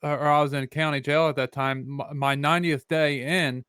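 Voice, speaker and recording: Earnest male podcast host, smooth and dry. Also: fairly high pitch, level tone, a bit bright, no room sound. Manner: earnest, reflective, with halting restarts. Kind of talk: casual interview chat.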